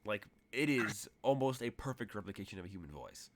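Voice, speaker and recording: A man's voice: on the low side, animated, fairly quick. A man narrating as game master in a tabletop role-playing game, rambling through vivid, detailed scene descriptions.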